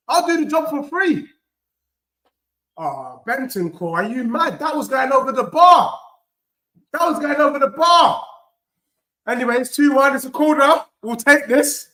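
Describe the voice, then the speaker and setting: Excitable man reacting to football. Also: extremely high pitch, unhurried, echoey room. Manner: excitable, shouting and whooping at the match. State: losing his voice. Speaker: football fan streamer. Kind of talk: live match watchalong reaction.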